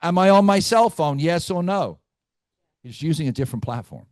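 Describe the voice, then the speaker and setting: A man runs a live sales team training, pushing and teasing his listeners and firing questions at them. His voice sits high for a man. The sound is dry and close, with no room around it. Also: expressive, normal speed, no echo. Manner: brash, teasing, quizzes the audience. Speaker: real estate team trainer.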